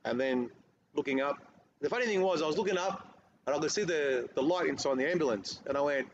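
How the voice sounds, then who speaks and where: A man's voice: on the high side, a little fast. A man, a guest telling a rambling story in casual podcast chat. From Australia. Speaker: guest car detailer. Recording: muffled lo-fi audio with faint noise.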